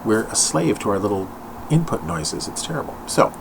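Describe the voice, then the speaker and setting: An older man improvising a rambling, self-mocking comic monologue at home, full of tangents and quick mock voices. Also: lowish voice, big pitch swings, gravelly, noisy background. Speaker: solo comedic vlogger.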